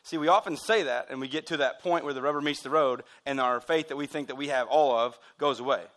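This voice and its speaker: A man preaching a sermon in a church. He is excitable and wired, and he throws in joking asides. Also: mid-range voice, quick pace. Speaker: pastor.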